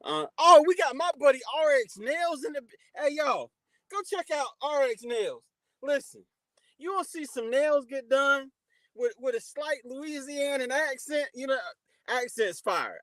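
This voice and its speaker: A man's voice: very high-pitched, lively intonation, a little slow, dry recording, low-quality recording. A man hosting a casual motivational livestream, greeting viewers by name and giving life advice. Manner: shouts out chat viewers warmly by name, preachy advice. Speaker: livestream host.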